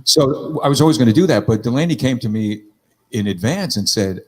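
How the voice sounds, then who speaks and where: A man's voice: medium pitch, fairly quick. A middle-aged man telling stories in a rambling, casual chat, swearing freely.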